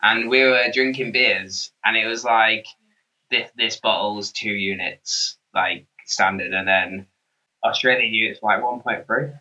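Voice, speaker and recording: A young man co-hosting a podcast, chatting casually with halting restarts. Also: on the low side, steady tone, pushed and bright, low-quality recording. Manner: halting, restarts often, chuckly. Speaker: podcast co-host. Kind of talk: casual chat.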